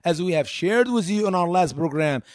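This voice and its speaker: Emphatic man with a high, lively voice. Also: normal speed, no echo, clean studio sound. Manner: emphatic, repeats phrases, rising to urgent pleas. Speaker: program host. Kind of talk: commentary monologue.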